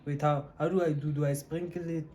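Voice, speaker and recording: A man's voice: on the high side, level tone, brisk, warm tone, muffled recording. A South African man co-hosting a couple's vlog, teasing his partner and laughing often in playful casual chat. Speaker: co-host of a couple channel.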